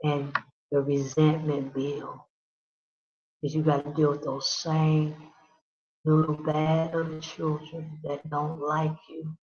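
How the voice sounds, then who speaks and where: A woman talks directly to her listener in a slow, heartfelt monologue, pressing her point by saying the same phrase again and again. Her pitch hardly moves. The recording is dull and lo-fi, with the top end muffled. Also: monotone, darkish tone. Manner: repetitive, emphatic, speaks straight to the listener. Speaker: channel host.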